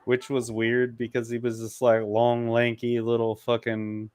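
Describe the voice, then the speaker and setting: A man's voice: mid-range voice, completely flat delivery, unhurried, a little mellow, clear, resonant tone, no room sound. A young man chatting casually on a stream, telling a story in a laid-back, crude way. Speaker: guest on stream.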